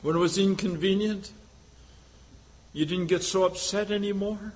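A man preaching a sermon, swinging between loud exhortation and hushed questions. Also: high-pitched, steady tone, moderate pace, rough recording.

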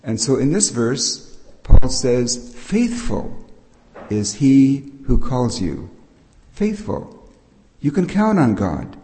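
Speaking slowly in a mellow, sing-song voice of medium pitch, an older male preacher delivers an explanatory Bible sermon. He is patient and frequently restarts his thoughts, and the hall gives the audio a long reverb.

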